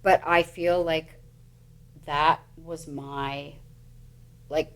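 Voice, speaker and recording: A middle-aged woman hosting a podcast, telling stories in an animated way and laughing at herself. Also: deep voice, very slow, clear, resonant tone. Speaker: podcast host. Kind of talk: casual podcast chat.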